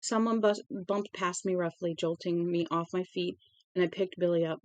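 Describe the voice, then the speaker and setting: A woman's voice: lowish voice, level tone, moderate pace, darkish tone, no echo, muffled recording. A woman casually reading a novel aloud at home, now and then stumbling over words and correcting herself. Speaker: storybook reader.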